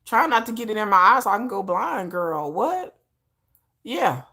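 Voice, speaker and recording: A woman vlogger chatting casually about pop music in a slangy, animated way, full of asides. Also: mid-range voice, normal speed.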